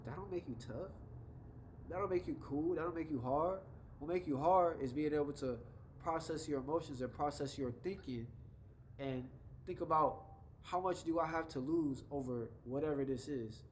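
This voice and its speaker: A man's voice: fairly high pitch, slight background noise, low-quality recording. A young adult man talking casually to camera with life advice, laid-back and conversational, slipping into short example voices. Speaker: vlogger giving life advice.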